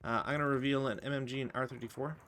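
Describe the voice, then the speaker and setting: A man's voice: medium pitch, steady tone, very fast, fairly bright tone, a little hiss or hum. A man playing a board game on a live stream, talking in a dry, teasing way and laughing often.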